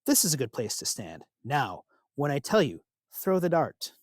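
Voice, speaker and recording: A man's voice: mid-range voice, big pitch swings, normal speed, no room sound, studio quality, lightly acted. A man voicing a sly trickster god who sounds helpful and friendly while coaxing someone. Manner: smooth, coaxing.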